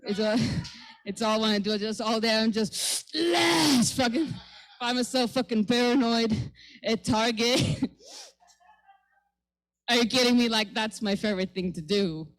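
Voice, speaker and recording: A woman's voice: a little high, rough recording. A woman from the Middle East doing a brash, profane stand-up routine. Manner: brash, profane, quick punchlines. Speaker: stand-up comedian.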